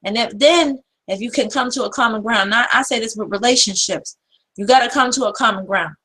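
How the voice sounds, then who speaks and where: Woman, fairly high voice, casual motivational talk, earnest and repetitive. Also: fairly quick, pushed and bright, low-quality recording. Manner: earnest, repetitive, preacherly encouragement. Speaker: host of an empowerment show.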